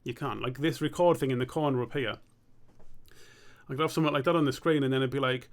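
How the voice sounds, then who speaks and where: A man's voice: mid-range voice, quick pace, vocal fry. A young man streaming live as an animator, chatting casually and thinking aloud in a rambling, sweary way.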